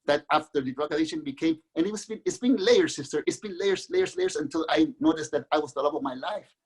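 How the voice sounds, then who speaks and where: Husky earnest man telling his story. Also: on the high side. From Mexico. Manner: earnest, halting with restarts. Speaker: guest author. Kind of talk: candid personal storytelling.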